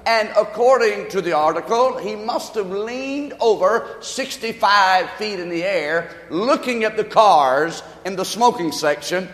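Male pastor, impassioned sermon delivery, high and animated, long hall reverb. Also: unhurried, few pauses. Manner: impassioned preaching, swings between hushed and shouting.

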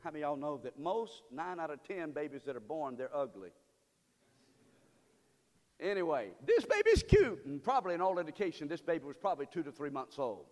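A man preaching a sermon as pastor. He moves from loud cries to hushed pleading. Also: fairly high pitch, animated, quick pace, few pauses, long reverb tail. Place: church sanctuary.

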